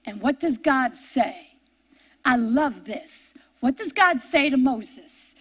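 A woman preaching a sermon, animated and emphatic, her voice rising on repeated phrases. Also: high voice, takes it slowly, breathy edge.

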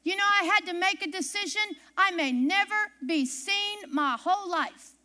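A woman delivering a sermon in a high, bright voice. She speaks with emphasis and circles back to repeat her main lines, leaning on them for weight. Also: moderate pace. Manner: emphatic, repeats key phrases. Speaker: preacher.

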